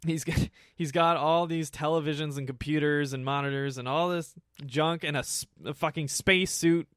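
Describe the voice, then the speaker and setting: A man's voice: on the high side, steady tone, normal speed, a bit bright, clear, resonant tone, no room sound, clean studio sound. A man hosting a casual film review, ranting with lots of swearing and frequent laughs. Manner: profane, ranting, laughs often. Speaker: movie review host.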